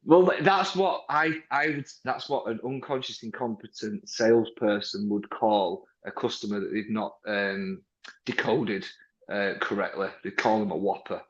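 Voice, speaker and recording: A man's voice: fairly low pitch, measured pace. British salesman in an echoey room. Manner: animated, acts out sales-floor dialogues, frequent restarts. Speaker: car sales manager, interview guest. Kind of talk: casual interview talk. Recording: roomy, slightly dull sound.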